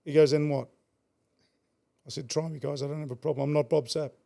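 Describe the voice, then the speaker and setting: A middle-aged Australian man with a gravelly voice pitched a little high for a man. He rattles through his stories at a fast clip, blunt, swearing freely and often repeating words. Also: flat delivery, warm tone. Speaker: guest. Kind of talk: casual storytelling.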